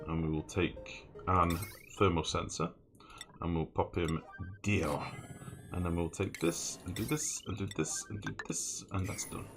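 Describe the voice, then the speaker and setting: Over music, a man with a low voice talks at a measured pace while streaming a game. He chats casually, swears freely, and answers his chat as he plays.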